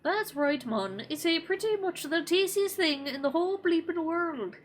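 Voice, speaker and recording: A woman's voice: high-pitched, a little slow, soft background music, voice pushed up. A woman voicing a cheerful male robot cook, reading his lines in a lilting put-on accent with bleeped cussing. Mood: boastful. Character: chirpy male robot cook who cusses.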